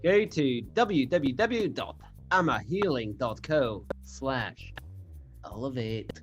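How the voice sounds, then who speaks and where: A hammy, seductive pitchman , as a man puts him on, purrs through a mock advert in an exaggerated Scottish brogue. He lays the sultry tone on thick, playing it for laughs. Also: sing-song, music in the background. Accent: put-on Scottish. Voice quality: deliberately seductive, hammy delivery.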